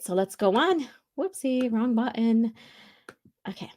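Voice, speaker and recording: A woman's voice: fairly high pitch, expressive, measured pace, pauses often, a little mellow. A woman hosting a casual podcast and reading comics along, chatty and full of fillers. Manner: chatty, lots of fillers like "you know" and "um". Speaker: podcast host.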